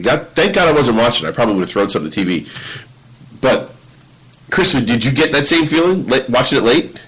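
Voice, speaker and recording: Excitable husky man telling a story. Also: mid-range voice, a little fast, rough recording. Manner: excitable, swears, acts out his own reactions. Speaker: podcast host. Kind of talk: casual chat.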